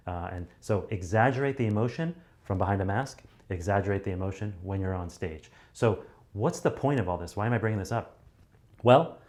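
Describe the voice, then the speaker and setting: A man's voice: deep voice, darkish tone. A man teaching public speaking in a loose, conversational way, with many fillers and restarts. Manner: acts out sample deliveries to show each point. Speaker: communication coach.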